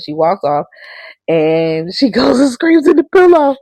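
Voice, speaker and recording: Blunt, profane woman with a lively voice. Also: on the high side, measured pace, dry recording. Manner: blunt, profane, animated storytelling. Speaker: reality show recap host. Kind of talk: casual recap commentary.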